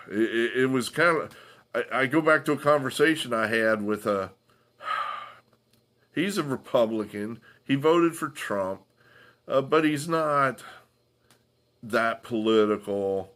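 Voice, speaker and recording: A man hosting a solo political commentary, talking from home in a halting way with sighs and restarts. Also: medium pitch, lively intonation, a bit bright.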